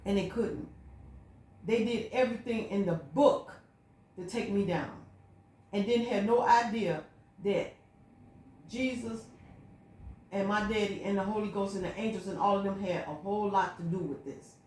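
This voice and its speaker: A woman's voice: mid-range voice, moderate pace, pauses often, a little mellow, slight background noise. A woman vlogging a personal spiritual monologue, telling her story in an emphatic, repetitive, looping way. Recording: echoey room.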